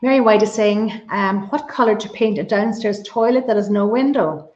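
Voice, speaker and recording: A woman with an Irish Donegal accent and a mid-range, darkish voice hosts a live-streamed interview at a moderate pace. She reads out viewer questions enthusiastically and effusively, in an echoey room with dull, lo-fi sound.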